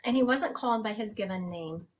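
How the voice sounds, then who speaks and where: Woman rambling on a live stream, talks in a middle pitch, laughs at herself a lot. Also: a little fast. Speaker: psychic medium hosting a live stream. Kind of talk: casual live-stream reading.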